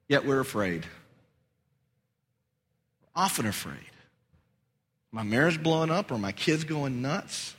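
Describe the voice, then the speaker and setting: A man preaching a sermon as pastor, animated and rising high and loud for emphasis. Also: takes it slowly, long pauses, husky. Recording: long hall reverb.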